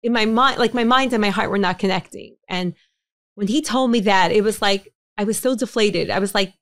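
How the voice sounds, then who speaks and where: Speaking briskly in a medium-pitched, fairly bright voice, this Montreal woman is a guest in an interview, a mother who has lost a child. She shares her story earnestly, restarting phrases and repeating words, with clean studio sound and no room sound.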